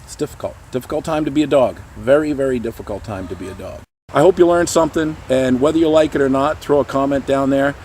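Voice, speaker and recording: A middle-aged man talking casually to camera as a dog trainer, animated and breaking into goofy high voices now and then. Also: quick pace, a little hiss or hum. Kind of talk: casual explanatory talk to camera.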